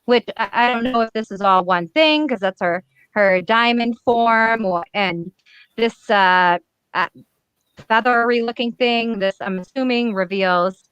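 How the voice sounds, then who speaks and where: A woman hosting casual comic commentary on a webcam, blunt, profane and excitable. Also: fairly high pitch, measured pace, clean tone, no room sound. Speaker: comic reviewer host.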